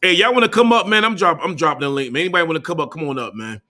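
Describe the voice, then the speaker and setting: A man's voice: fairly high pitch, rapid-fire, bright, forceful tone. A young man hosting a casual livestream, bantering loosely in slang, swearing and calling out to his viewers. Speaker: livestream host.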